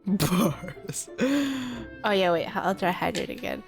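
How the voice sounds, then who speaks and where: A woman streaming a game and chatting casually, expressive and exclamatory, laughing often. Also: on the low side, slow, gravelly. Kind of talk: casual livestream commentary. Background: game music.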